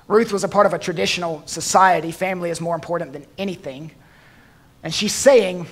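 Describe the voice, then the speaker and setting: A pastor preaching a sermon, slowing down and dropping his voice softly for emphasis, with dry touches of humor. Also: sits high.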